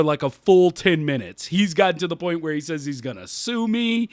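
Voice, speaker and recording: Podcast man, high lively voice, animated and laughing, dry close mic. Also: a little fast, hardly any pauses, no echo. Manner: animated, laughs often mid-story. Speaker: podcast co-host. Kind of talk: casual storytelling chat.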